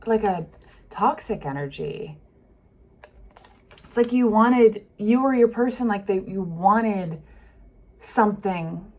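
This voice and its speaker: Musing woman reading tarot cards. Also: a little high. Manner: gentle, musing, thinks aloud with many fillers. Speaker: tarot reader. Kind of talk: casual tarot reading to camera. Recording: faint street noise behind.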